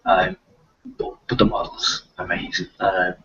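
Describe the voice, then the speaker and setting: A man with a gentle Liverpool accent chats loosely as host of a live stream, trailing off into fillers and restarts. His voice is low and very husky, with lively swings in pitch. The sound is distant and muffled, like a webcam mic. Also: measured pace. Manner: rambling, many fillers and restarts. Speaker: host of a live video chat. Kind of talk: casual live-stream chat.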